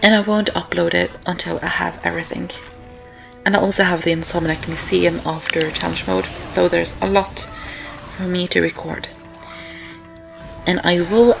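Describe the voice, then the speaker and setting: A young gamer rambles through casual gameplay commentary, circling back on points and filling gaps with ums. The voice is gravelly with steady fry and sounds short of breath and sore in the throat. Game music plays clearly behind. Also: medium pitch, rough recording. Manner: rambling, chatty, repeats itself with many ums. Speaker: let's-play commentator. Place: indoors at home, rain on the windows.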